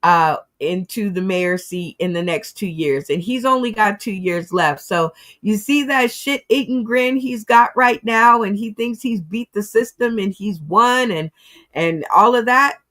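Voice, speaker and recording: A woman's voice: medium pitch, unhurried, fairly bright tone. A woman hosting a casual commentary show, giving her opinions on the news and speaking straight to her audience. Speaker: host.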